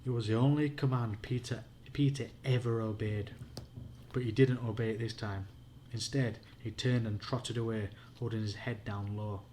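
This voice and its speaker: A man's voice: lowish voice, fairly even intonation, normal speed, warm tone, slight background noise. A man with a Yorkshire accent reading a spooky children's book aloud at home as a bedtime story, in a plain, unpolished way with the odd slip.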